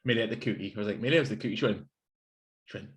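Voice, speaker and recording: A man's voice: lowish voice, racing. A man, co-hosting a podcast and telling sweary anecdotes in casual chat. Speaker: podcast co-host.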